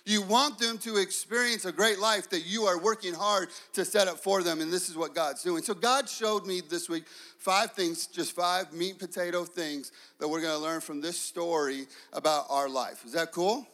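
A man in his thirties preaching a sermon, telling stories in an animated, playful way. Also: moderate pace. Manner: animated storytelling, acts out kids in high voices. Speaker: pastor.

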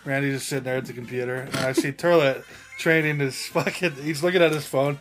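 A man telling rambling, profane office stories in casual podcast chat, with halting restarts. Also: medium pitch, fairly even intonation, fairly bright tone, faint music behind.

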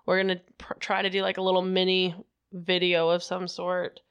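A woman's voice: on the low side, monotone, moderate pace, fairly bright tone, smooth, highs cut off. Profane rambling woman podcast co-host. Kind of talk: casual chat.

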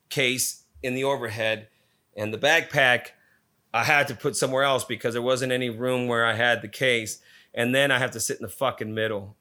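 A man's voice: medium pitch, sharp tone. A man casually telling a story, swearing constantly and retelling it with energy.

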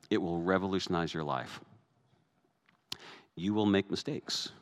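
A man's voice: low-pitched, normal speed, fairly bright tone. A man, a pastor, preaching a sermon in a conversational way that rises to emphatic peaks.

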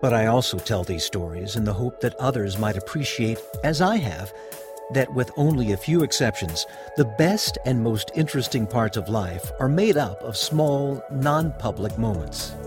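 A middle-aged man hosting a podcast, narrating a personal story in a reflective, wry, clearly articulated way. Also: medium pitch, expressive, moderate pace, music in the background. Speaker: podcast host.

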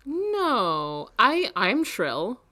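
Woman with vocal fry. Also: very slow. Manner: rambling, filler-heavy, gets shrill when excited. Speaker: podcast co-host. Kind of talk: casual chat.

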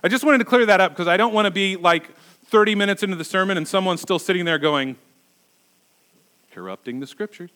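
A man's voice: high-pitched, quick pace, pushed and bright. A man preaching as a pastor, conversational and emphatic, asking his listeners rhetorical questions. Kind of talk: sermon.

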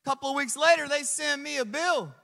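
A man preaching a sermon as pastor, telling stories with lively swings from hushed asides to loud emphasis. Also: very high voice, a little fast, vocal fry, long reverb tail.

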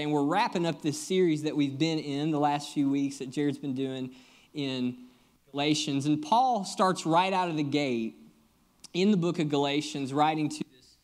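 A young man preaching a sermon, his voice sitting a little higher than most men's. He talks to the congregation like friends, joking and telling stories as he teaches. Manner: storytelling, joking, conversational preaching. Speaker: guest pastor.

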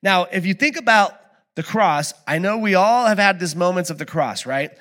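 A middle-aged man preaches as a pastor in a conversational way, quietly reflective one moment and loudly animated while telling stories the next. He has a high voice and keeps a moderate pace.

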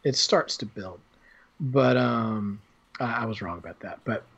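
Low husky guy chatting loosely on a podcast, dull lo-fi sound. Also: measured pace. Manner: rambling, animated, many fillers and restarts. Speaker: podcast host. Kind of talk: casual film discussion.

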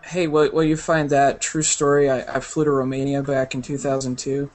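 A man's voice: medium pitch, flat delivery, normal speed, a little mellow. A man co-hosting a photography podcast, telling an anecdote in a joking, laugh-prone way. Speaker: podcast co-host. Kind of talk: casual chat.

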